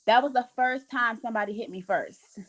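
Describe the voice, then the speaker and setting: Animated young woman telling a story. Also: fairly high pitch, brisk, poor audio. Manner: animated, acts out quoted voices. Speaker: podcast host. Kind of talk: casual storytelling chat.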